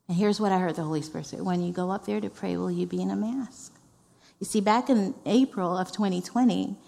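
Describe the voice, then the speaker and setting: A woman executive pastor speaks in a medium-pitched, slightly mellow voice, delivering a conversational and heartfelt sermon. She repeats phrases to stress them, and the church sanctuary recording carries a reverberant hall sound.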